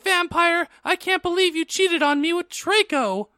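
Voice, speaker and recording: A man voicing a furious teenage goth girl in a shrill falsetto scream. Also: measured pace, bright, forceful tone, dry recording, studio quality, exaggerated voice.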